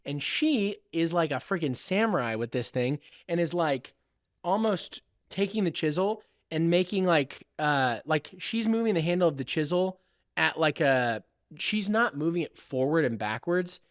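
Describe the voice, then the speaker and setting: A man's voice: on the high side, animated, normal speed, no echo, clean studio sound. A young man, a woodworking student, animatedly telling a story in a casual podcast chat and laughing often between sentences.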